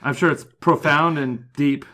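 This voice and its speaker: A man's voice: fairly high pitch, unhurried, pushed and bright. A man co-hosting a pop culture podcast, riffing with dry, goofy jokes in casual chat. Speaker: podcast co-host.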